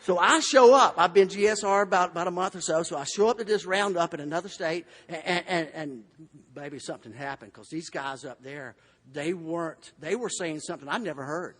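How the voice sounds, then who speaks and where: A man's voice: a little high, brisk, fairly bright tone. A man with a Southern US accent from Florida, telling his recovery story in a folksy, humorous way at a convention podium. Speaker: AA convention speaker. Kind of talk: recovery testimony talk. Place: large convention hall. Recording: long hall reverb.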